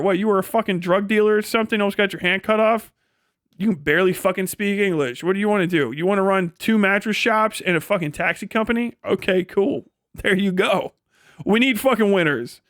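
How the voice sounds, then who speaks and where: A man's voice: sits high, fairly bright tone, no room sound, clean studio sound. A man from Ohio ranting in a heated, profane, laughing style on a casual live stream. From Ohio, USA.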